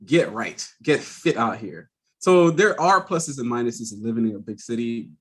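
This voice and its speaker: Animated, laughing man on a podcast. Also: mid-range voice, normal speed, husky. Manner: animated storyteller who acts out quoted voices; laughs often mid-sentence. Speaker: podcast host. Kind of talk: casual chat.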